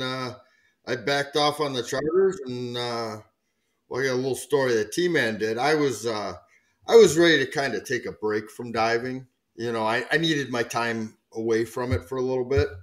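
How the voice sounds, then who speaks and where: A man who used to run dive charters, telling a story casually at a round table in an easygoing, drawn-out way. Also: mid-range voice. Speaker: guest diver, former charter captain.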